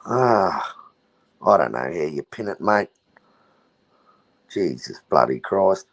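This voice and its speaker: A man's voice: sits low, big pitch swings, slow pace. An Australian man hosting his livestream in casual chat, joking loosely and swearing as he goes. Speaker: livestream host.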